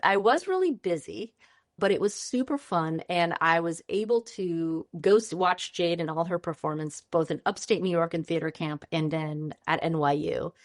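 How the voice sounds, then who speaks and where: A chef in her fifties, appearing as a guest on a podcast, chats in a bubbly way with a lowish voice at normal speed. Recorded at studio quality with no echo, the casual interview finds her describing food lovingly.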